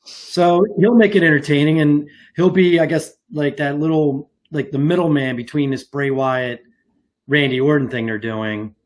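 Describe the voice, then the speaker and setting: A man's voice: a little high, moderate pace, darkish tone. A man co-hosting a wrestling podcast, talking in a rambling, casual way with many fillers and restarts. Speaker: podcast co-host. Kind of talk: casual chat.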